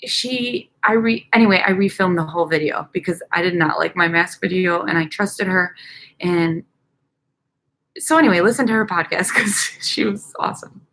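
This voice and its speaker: A woman's voice: fairly low pitch, moderate pace, a bit bright, slight background noise. Young woman with a Chicago accent, casual vlog host; upbeat, rambling, giggly delivery, recorded outdoors at night. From United States. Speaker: dental hygienist vlogger.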